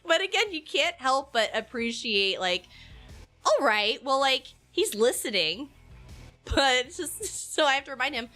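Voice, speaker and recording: A woman talks casually with a bright, forward voice. She tells animated stories and laughs often. Faint music plays behind her. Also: high voice, unhurried. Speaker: streamer and mother. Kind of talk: casual chat.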